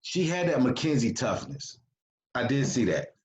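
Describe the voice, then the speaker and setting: A man, a coach hosting an interview show, talking in a relaxed, rambling way with many fillers. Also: mid-range voice, normal speed. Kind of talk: casual interview chat. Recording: dull lo-fi sound.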